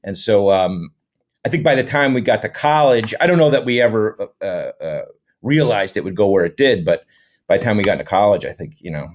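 A man's voice: lowish voice, fairly quick. A middle-aged American man telling stories in a casual interview, rambling with lots of fillers. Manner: relaxed, rambling, many fillers. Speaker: podcast guest, comedy actor.

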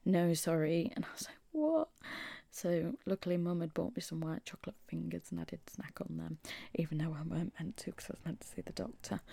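Shaky young Englishwoman, gravelly and dry. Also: lowish voice, dark tone, no echo. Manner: chatty storytelling, dips into whispers for quoted asides. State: shaky, unwell after hospital. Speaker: podcast host. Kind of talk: casual solo chat.

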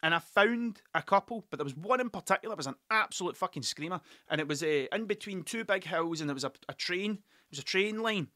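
Man, podcast host, sweary, self-mocking, rambling, dry close sound, bright tone. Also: high-pitched, lively intonation, quick pace, few pauses, no echo. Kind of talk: casual storytelling monologue. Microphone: desk mic.

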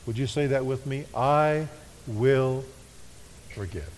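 A man preaching a sermon, leading his congregation in call-and-response and slowing to a hush on key phrases. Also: medium pitch, slight background noise. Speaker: pastor. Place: church sanctuary. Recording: echoey worship hall.

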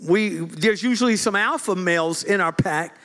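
A middle-aged man preaching a sermon, lively and joking, often laughing as he talks. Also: high voice, normal speed. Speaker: pastor.

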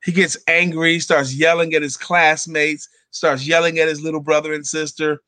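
A man tells a parable with lively, acted-out quotes. His voice sits a bit high and rings bright and forceful. The sound is dry and close. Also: normal speed, no room sound. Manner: animated storyteller acting out quotes. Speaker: guest. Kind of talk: storytelling a parable.

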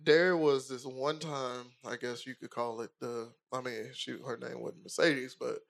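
A young man chatting casually as a podcast co-host, relaxed and a bit hesitant. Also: medium pitch, unhurried, creaky. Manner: relaxed, hesitant, lots of fillers. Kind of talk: casual chat.

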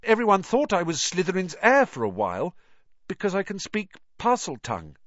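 A man's voice: high voice, huge pitch swings, normal speed, fairly bright tone, no room sound, voice pushed up, full character voice. A man voicing an earnest, anxious young boy wizard who talks in an urgent, pleading way, on a dull lo-fi recording.

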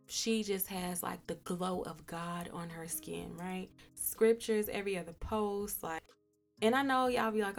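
A woman hosting a podcast, telling a personal story in a casual, animated way, swearing and laughing often. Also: lowish voice, moderate pace, soft background music. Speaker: podcast host.

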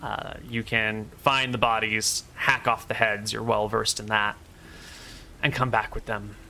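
A man with a bright, forceful voice leads a tabletop game as game master. He narrates the scene in a relaxed way and drops wry little asides along the way. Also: on the low side, unhurried, gravelly, a little hiss or hum.

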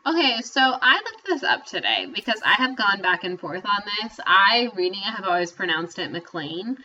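Chatty woman cohost laughing a lot, swoopy bright voice, kinda muffled audio. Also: on the low side, a little hiss or hum. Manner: chatty, laughs often, animated. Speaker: podcast co-host. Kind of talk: casual book chat.

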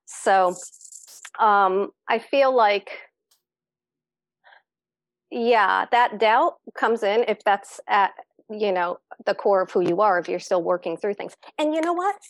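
A woman's voice: medium pitch, animated, slow, pauses often, dry recording. A woman speaking as a podcast guest, reflective and encouraging in casual conversation, with many fillers.

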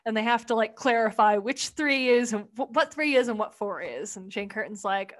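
A woman co-hosting a casual chat, retelling comedy sketches in a blunt, profane, animated way. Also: a little high, normal speed. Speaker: podcast co-host.

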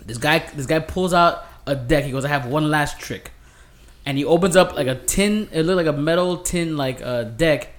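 A man co-hosting a casual podcast, telling stories in an animated, excitable way. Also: a little high, moderate pace, hardly any pauses. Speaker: podcast co-host. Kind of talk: casual chat.

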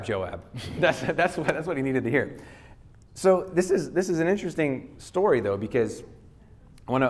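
A male pastor giving a sermon, retelling a scripture story in casual everyday words and reading verses aloud. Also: mid-range voice.

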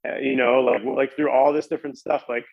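A man's voice: medium pitch, little pitch movement, fairly quick, husky, no room sound, dull audio. A man casually telling a long story as a podcast guest, rambling with lots of "like" and restarts.

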